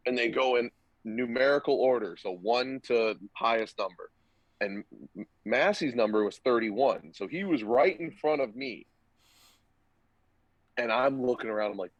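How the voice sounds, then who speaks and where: A young man spins a casual, swearing-laced story as a podcast guest, slipping into the other people's dialogue as he tells it. His pitch sits in an ordinary middle range. The recording is dull and lo-fi, with a dry, close sound. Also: moderate pace, long pauses, no echo. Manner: loose, profane, acts out quoted dialogue.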